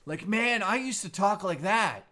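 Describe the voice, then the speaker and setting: Brief: male streamer host, 40s, slightly high voice, easygoing surfer-dude chat. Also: animated, a little slow, pushed and bright. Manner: laid-back, surfer-style slang. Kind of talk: casual live-stream chat.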